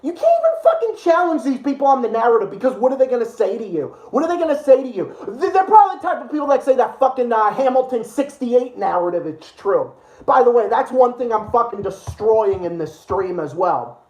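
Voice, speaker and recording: A man's voice: very high voice, sing-song, a little fast, a little mellow. A male streamer in a full angry rant, swearing nonstop. He repeats his insults over and over, his voice heated and combative. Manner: furious, profane, insulting, repetitive. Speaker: livestream host.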